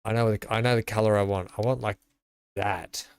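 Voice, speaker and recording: A man's voice: on the low side, fairly even intonation, a little fast, smooth, dry recording. An Australian man chatting casually to his live-stream viewers while playing, rambling and greeting them by name.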